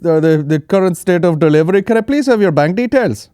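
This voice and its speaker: A man mimicking an overly polite, stumbling male phone caller in a raised, louder voice during a podcast chat. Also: sits high, lively intonation, fast, clear, resonant tone, no room sound, clean studio sound, pitched above the performer's own voice. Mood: fake-polite. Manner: stumbling, prim and formal.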